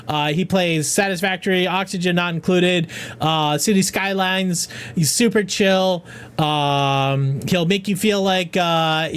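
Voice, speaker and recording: High-pitched man, middle-aged, rambling and profane, charity game streamer chatting with viewers. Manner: loose, profane, rambling with restarts. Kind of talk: casual livestream chat.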